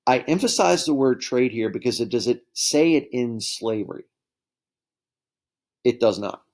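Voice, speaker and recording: A man teaching a history lesson in a relaxed, conversational way, often checking in with his students. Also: medium pitch. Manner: conversational, keeps addressing students as guys with frequent okay and right checks. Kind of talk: classroom lecture.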